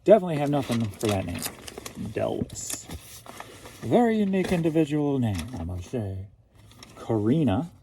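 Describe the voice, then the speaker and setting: Gravelly, playful man rambling casually. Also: medium pitch, big pitch swings, normal speed, pauses often, mellow, a little hiss or hum. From St. Louis, Missouri. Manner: playful, riffs jokingly on names. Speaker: online reseller.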